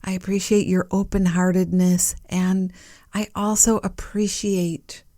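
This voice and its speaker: Slow, mellow-voiced woman podcast host. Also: mid-range voice, flat delivery, no room sound, studio quality. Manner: soft, warm-hearted, musing, with playful asides and small laughs. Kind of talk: gentle reflective talk to listeners.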